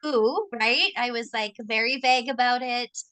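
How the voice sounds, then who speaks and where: Chatty bright-voiced woman. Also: on the high side, moderate pace. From Canada. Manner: chatty, storytelling, frequent 'like' and 'right?'. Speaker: co-host asking questions. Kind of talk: casual conversation.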